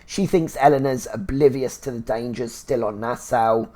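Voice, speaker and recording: A man talks through a TV episode in a loose, chatty recap. He leans on fillers and keeps breaking into excited little exclamations. His voice sits at an ordinary middle pitch for a man. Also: moderate pace. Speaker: TV review show host. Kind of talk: casual episode recap and review.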